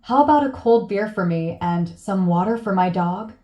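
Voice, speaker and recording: A man's voice: high-pitched, lively intonation, moderate pace, mellow, lo-fi sound. A woman voicing a sly man who schemes to sneak his dog into a bar, eager and confident. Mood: scheming.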